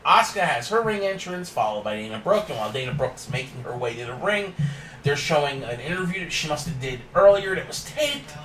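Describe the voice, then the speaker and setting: A man's voice: fairly high pitch, lively intonation, fairly quick, a bit bright, roomy sound, far from the mic, a little hiss or hum, low-quality recording. A man hosting a casual wrestling recap, opinionated and ranting with frequent laughs. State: yawning and tired.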